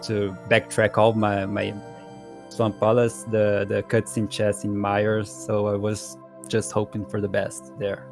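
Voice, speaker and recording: A man telling a story about his race in a halting way, repeating words and chuckling. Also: fairly low pitch, completely flat delivery, soft background music. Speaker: racer being interviewed. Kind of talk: casual post-race interview.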